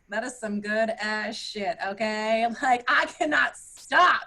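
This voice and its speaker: A woman in her thirties doing stand-up comedy with a fairly high voice. She tells crude, playful stories and keeps leaping into squeaky mock voices for her punchlines. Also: slow, creaky, sharp tone. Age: 30s. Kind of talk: virtual stand-up set.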